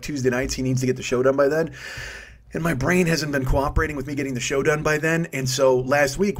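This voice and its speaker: A man in his fifties hosting a solo comedy podcast, profane and self-mocking, wandering off on tangents. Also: mid-range voice. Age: 50s. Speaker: podcast host.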